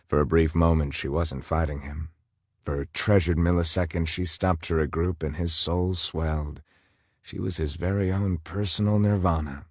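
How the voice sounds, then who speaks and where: A male narrator reads a romance novel aloud in a measured, intimate way. His voice sits very low, and the close, dry recording has no room sound at all. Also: fairly even intonation, no echo. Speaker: audiobook narrator.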